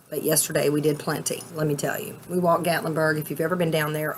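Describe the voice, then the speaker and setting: A woman vlogging casually outdoors at a cabin, chatty and excitable, rambling with fillers. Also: fairly low pitch, brisk, few pauses, a little hiss or hum. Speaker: vape vlogger. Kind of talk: casual vlog chat.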